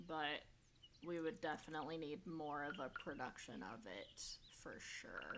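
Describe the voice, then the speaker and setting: A woman's voice: deep voice, lively intonation, unhurried, noisy background. A woman streaming a farming game, rambling and thinking aloud with self-mocking asides. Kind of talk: casual gameplay commentary. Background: game music.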